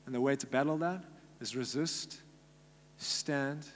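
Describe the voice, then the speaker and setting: A man's voice: mid-range voice, unhurried. A South African man preaching a sermon in an earnest, conversational way, with many fillers, recorded live in a church. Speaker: pastor. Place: church hall. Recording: live church hall with long reverb and faint hum.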